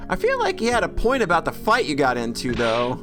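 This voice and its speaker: A woman voicing a cautious, calmly reasoning teenage boy in a game. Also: low voice, a little fast, voice pushed down. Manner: calm, reasoning. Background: game music.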